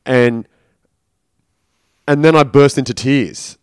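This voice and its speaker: A man tells a personal story in a loose, conversational way, swearing freely and slipping into quoted inner voices. His voice sits at an ordinary middle pitch. The sound is dry and close, with no room behind it. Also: fairly even intonation, slow, smooth, dry recording. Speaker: podcast guest. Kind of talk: casual storytelling.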